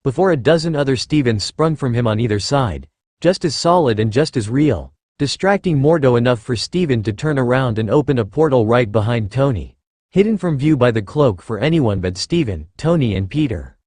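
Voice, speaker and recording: A man narrating a fan fiction story in a steady reading voice. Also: medium pitch, normal speed, dry recording, studio quality.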